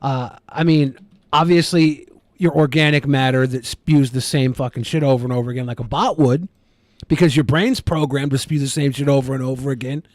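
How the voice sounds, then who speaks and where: A man's voice: medium pitch, steady tone, a little fast, a little mellow, no room sound, studio quality. A man co-hosting a casual podcast, trading crude, sarcastic banter. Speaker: podcast co-host.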